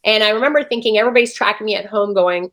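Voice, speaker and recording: A woman's voice: mid-range voice, racing, fairly bright tone. A woman, an interview guest, telling a personal story with feeling and acting out her own past thoughts. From Canada.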